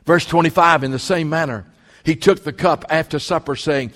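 A man's voice: a little high, moderate pace, fairly bright tone, long reverb tail. A man, preaching a sermon as pastor in an emphatic, folksy way. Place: church sanctuary.

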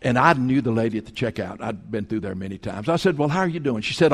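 Folksy preacher man with a lively voice. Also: medium pitch, fast talker, in a large hall. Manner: folksy storytelling, swinging between loud and hushed. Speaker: pastor. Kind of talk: sermon. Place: church sanctuary.

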